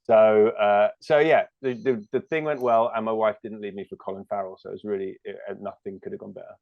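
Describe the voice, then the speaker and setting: A man's voice: fairly low pitch, fairly even intonation, brisk, creaky, no echo, phone-quality sound. A British man in his thirties, a comedian chatting as an interview guest, rambling and self-deprecating with lots of fillers and restarts. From United Kingdom. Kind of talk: casual interview chat.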